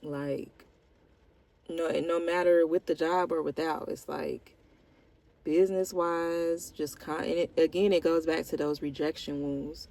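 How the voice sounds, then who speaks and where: A woman's voice: low voice, little pitch movement, moderate pace, vocal fry, warm tone, rough recording. A woman vlogger talking candidly about her life in a rambling, heartfelt way, with lots of "like" fillers. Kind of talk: candid personal vlog confession.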